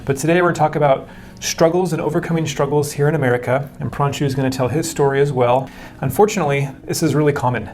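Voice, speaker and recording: A man's voice: on the high side, fairly even intonation, fast talker, few pauses, a little mellow. A man hosting an interview in an upbeat, encouraging way. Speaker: host.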